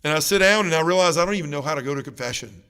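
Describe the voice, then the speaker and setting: In a large church, a middle-aged parish mission speaker shares his personal testimony with a gathering, earnestly voicing each person in the story. His voice is a little high for a man, clear, resonant and sharp, and he speaks expressively at a racing pace while a long reverb hangs behind him.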